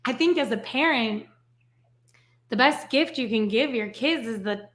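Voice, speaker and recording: Swiss-born woman, french native, chatty podcast guest, bright and kinda high. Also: a little slow. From Switzerland. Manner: animated storyteller, frequent "right?" and "like". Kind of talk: casual interview chat.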